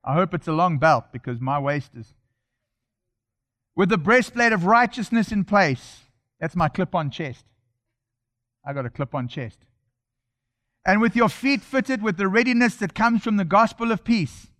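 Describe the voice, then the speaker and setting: A man's voice: sits high, lively intonation, a little slow, long pauses, fairly bright tone. A man preaching a sermon in a church, emphatic and repetitive, building his points line by line.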